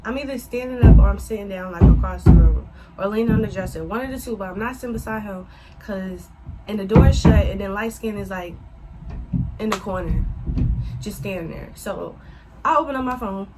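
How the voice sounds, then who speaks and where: A woman recounts a personal story in a casual storytime, animated, addressing viewers directly and cursing freely. Her voice sits mid-range for a woman. Loud music plays behind her. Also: medium pitch, fairly quick, rough recording. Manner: animated, talks to the audience as y'all, swears freely. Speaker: vlogger.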